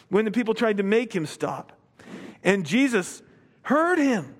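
A man with a high voice preaching a sermon, reading a passage and then explaining it. He presses hard on key words and slows down to let them land. His voice carries a long reverb, as in a large hall. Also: big pitch swings. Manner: emphatic, drawing out key words.

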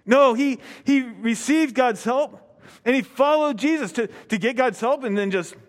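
A man preaching a sermon, reading scripture and explaining it, emphatic and drawing out key words. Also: very high voice. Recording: long hall reverb.

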